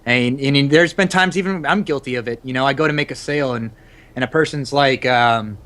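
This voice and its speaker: A young man and father of two, chatting casually on an online call in a halting way, thinking aloud with frequent restarts. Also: mid-range voice, a bit bright. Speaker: podcast co-host, father of two. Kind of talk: casual group chat over a voice call. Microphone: computer mic on an online call.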